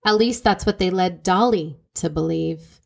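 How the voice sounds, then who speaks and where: A woman co-hosting a podcast, reading out a true crime case in a measured, dramatic way. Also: fairly low pitch, creaky. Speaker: podcast co-host.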